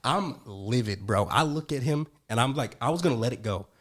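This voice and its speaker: Young male co-host, mid-pitched, loose and profane, an animated storyteller full of slang. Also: brisk. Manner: animated, profane, slangy, retells scenes with quoted dialogue. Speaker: podcast co-host. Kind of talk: casual storytelling chat.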